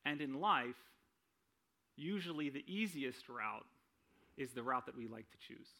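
Bright-voiced man preaching conversationally. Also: mid-range voice, lively intonation, measured pace. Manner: conversational, frequent "right?" tag questions; self-deprecating humor. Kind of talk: sermon.

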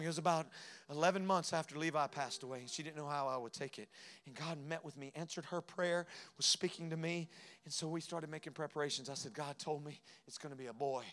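A man preaching a sermon as a pastor, telling a personal story that moves between hushed moments and loud, emphatic passages. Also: fairly high pitch, normal speed, soft background music. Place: church sanctuary.

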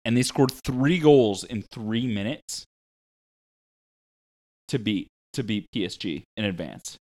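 A man's voice: lowish voice, expressive, takes it slowly, a little mellow. A man co-hosting a podcast, explaining a sports match step by step in laid-back casual chat. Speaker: podcast co-host.

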